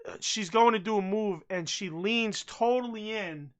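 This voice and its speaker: A man's voice: sits high, moderate pace, fairly bright tone. A man co-hosting a wrestling podcast, talking bluntly in casual chat, swearing freely and restarting his sentences. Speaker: podcast co-host.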